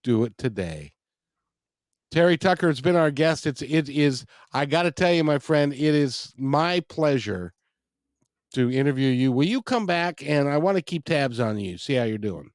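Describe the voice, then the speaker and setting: A man's voice: a little high, animated, moderate pace, no room sound, clean studio sound. A man hosting an interview, speaking in an encouraging, praising way. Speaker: interview host.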